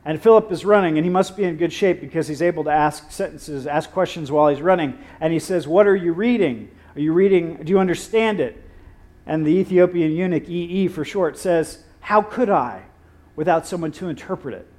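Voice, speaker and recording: A male pastor preaching a sermon, telling stories with acted-out quotes and dramatic pauses. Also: fairly high pitch, a little mellow.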